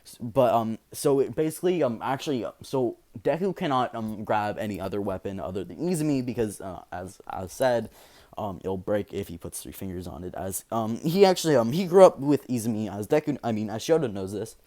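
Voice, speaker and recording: A man's voice: lowish voice, expressive, brisk, mellow. A young man improvising a fan story, rambling with many fillers and restarts.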